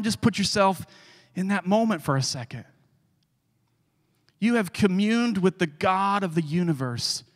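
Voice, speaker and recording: A male guest speaker preaching a sermon, telling the story with animated energy and dropping to hushed tones for scripture. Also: sits high, long reverb tail.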